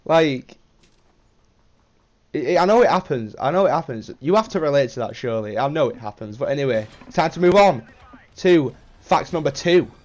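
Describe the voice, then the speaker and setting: Young man, British accent, slightly high voice, casual vlog chat, rambling, casual swearing. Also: expressive, moderate pace. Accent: British English. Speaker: vlogger.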